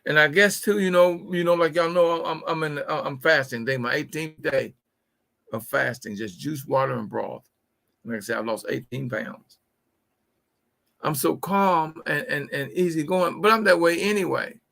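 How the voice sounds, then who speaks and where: Gravelly, folksy man preaching business mindset. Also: fairly high pitch, normal speed, fairly bright tone. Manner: folksy, preachy, repeats key phrases. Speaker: host. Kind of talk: motivational business talk show.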